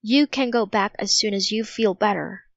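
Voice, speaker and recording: A woman voicing a calm, thoughtful young boy who speaks softly and earnestly, on a dull lo-fi recording. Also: medium pitch, normal speed, gravelly, dry recording, close to an everyday voice. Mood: gentle. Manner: soft, steady, earnest.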